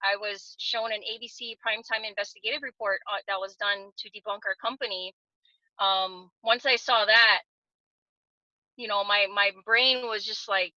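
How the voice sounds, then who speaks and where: A woman in her thirties from Hawaii shares her story as a testimonial guest on a video call, earnest and casual, with many fillers and restarts. Her mid-range voice has a sharp tone, fairly even intonation and a moderate pace. The dry call audio sounds dull and lo-fi.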